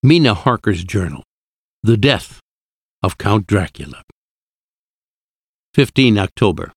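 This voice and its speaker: A man narrating an audiobook in a steady, even storytelling manner. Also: lowish voice, takes it slowly, breathy edge. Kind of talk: scripted narration.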